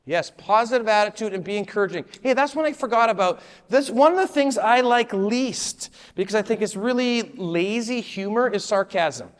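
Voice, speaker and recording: A man's voice: high-pitched, lively intonation, normal speed, few pauses, smooth, in a large hall. A man leading a volunteer training session, speaking casually and repeating answers from the group. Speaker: children's ministry leader training volunteers. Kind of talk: live training talk to a room.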